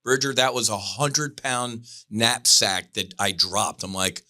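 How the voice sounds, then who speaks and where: A man's voice: on the low side, slow, bright, forceful tone. A man hosting a podcast, talking earnestly and casually, often saying "man". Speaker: podcast host. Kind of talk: casual conversation.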